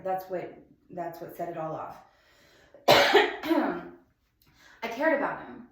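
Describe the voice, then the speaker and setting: A young woman telling a painful personal story in a halting, emphatic way, often restarting her sentences. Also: mid-range voice, fairly bright tone. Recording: very echoey room.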